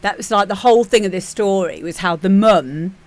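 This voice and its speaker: A young British woman hosting a music demo stream, chatting casually and rambling into animated bursts as she acts out scenes. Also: medium pitch, brisk. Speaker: show host reviewing music demos. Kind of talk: casual livestream chat.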